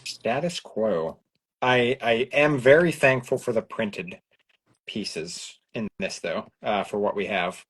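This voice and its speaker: A man in relaxed conversation, chatting as he works through a build. He talks in a loose, easygoing way and thinks out loud, with plenty of restarts. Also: lowish voice, measured pace, slightly rough. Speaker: co-host of a building livestream. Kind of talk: casual chat while building.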